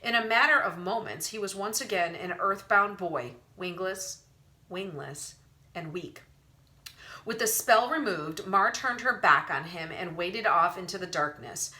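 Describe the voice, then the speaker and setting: A woman's voice: mid-range voice, lively intonation, normal speed, bright, forceful tone. A woman reading a storybook aloud as narrator, telling the story with expression. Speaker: audiobook narrator. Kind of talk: audiobook narration.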